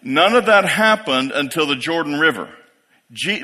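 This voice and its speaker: A pastor in his fifties delivers a sermon, his fairly high, bright voice rising to emphatic peaks. He checks in with the congregation as he goes. A long reverb from the large church hall trails behind each phrase. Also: lively intonation, normal speed. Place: church sanctuary.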